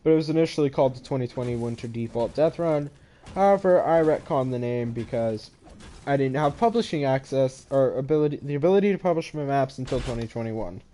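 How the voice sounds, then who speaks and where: A man's voice: medium pitch, expressive, brisk, dark tone. A young man casually walking through his own game maps, rambling, with a yawny, sleepy manner, on a headset microphone. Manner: rambling, sleepy, yawning and apologizing. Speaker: gaming channel host. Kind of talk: casual game map walkthrough. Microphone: head-mounted microphone.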